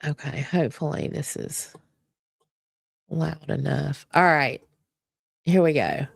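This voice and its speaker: Lady streamer chatting slow and easy with her viewers, lowish voice, dry close sound. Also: creaky, slightly rough, no room sound. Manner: laid-back, chatty, talks to viewers as y'all. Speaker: livestream host. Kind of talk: casual livestream chat.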